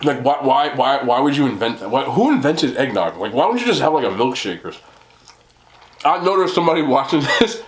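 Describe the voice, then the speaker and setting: A man's voice: medium pitch, big pitch swings, a little fast. A young man chatting casually on camera while he eats, laughing often and poking fun at himself. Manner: chatty and self-deprecating, laughs often, talks while eating. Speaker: mukbang vlogger. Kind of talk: casual eating vlog chat. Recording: roomy home recording.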